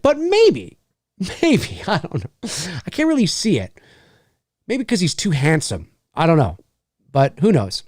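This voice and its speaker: Lively, rambling man hosting a fan Q&A. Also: high-pitched, no echo, clean studio sound. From Canada. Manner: rambling, laughs often, hams up movie quotes. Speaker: host answering viewer questions. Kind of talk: casual live-stream Q&A chat.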